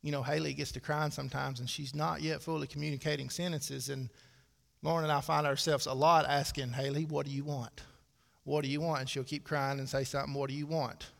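A pastor in his thirties preaches with a gravelly, slightly raised voice. His delivery is folksy and conversational, full of dry asides. The sound carries a long reverb from the church hall. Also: fairly high pitch, flat delivery, a little fast. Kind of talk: sermon. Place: church sanctuary.

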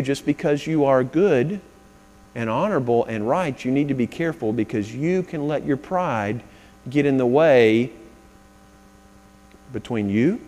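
A man preaching a sermon as pastor, swinging between loud, dramatic passages and hushed, earnest ones. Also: fairly high pitch. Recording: long reverb of a large hall.

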